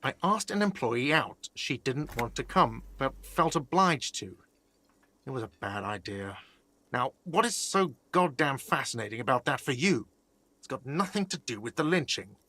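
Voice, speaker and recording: A man's voice: medium pitch, animated, moderate pace, pushed and bright, no room sound. A man voicing an irritable, defensive male cafeteria manager in a video game, curt and sarcastic. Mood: irritated, sarcastic.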